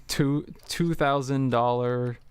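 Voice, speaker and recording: A man livestreams casually from home, talking with lots of fillers and some swearing while keyboard clicks sound behind him, and he plays both sides of a conversation as he recounts it. His medium-pitched voice is clear and resonant, with fairly even intonation and an extremely slow pace.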